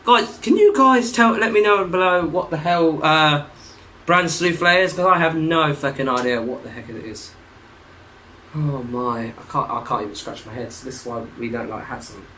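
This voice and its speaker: Swearing, bright-voiced young man. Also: fairly high pitch, moderate pace, slight background noise, low-quality recording. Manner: swears constantly, loud outbursts. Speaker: reaction video host. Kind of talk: casual reaction commentary. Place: room at home, wearing a hat.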